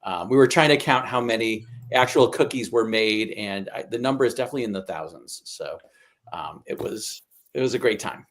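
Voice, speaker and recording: A man's voice: fairly low pitch, fairly quick, fairly bright tone. A man telling stories as a panel guest, enthusiastic and full of fillers. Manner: enthusiastic, filler-heavy storytelling. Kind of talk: casual chat.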